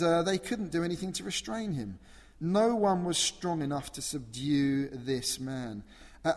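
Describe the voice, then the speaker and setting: A man delivers a sermon in a slightly high voice, earnest and emphatic, working through his points with rhetorical questions. His words ring out with the long echo of a large church hall. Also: darkish tone. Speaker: preacher.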